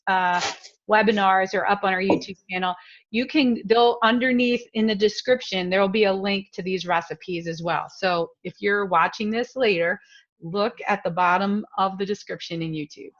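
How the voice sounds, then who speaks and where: A woman's voice: mid-range voice, a bit bright. A woman hosting a webinar, giving casual announcements in an informal way with many ums. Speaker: webinar host. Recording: dull webinar audio.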